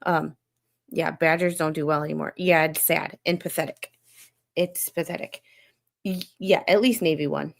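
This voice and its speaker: A woman's voice: low-pitched, steady tone, moderate pace, creaky. A woman hosting a show, rambling in an unfiltered, exasperated rant and swearing freely. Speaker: podcast host.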